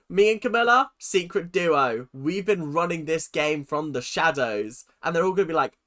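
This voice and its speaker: A man doing casual reaction commentary, excitable and quick to swear as he talks back at the screen. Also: high-pitched. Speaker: reaction channel host.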